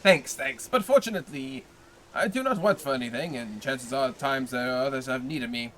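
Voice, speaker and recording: A man's voice: mid-range voice, a little fast, a bit bright, slight background noise, natural voice. A man reading aloud, voicing a grizzled, worldly male tailor neighbor who talks in a hearty, overly familiar way.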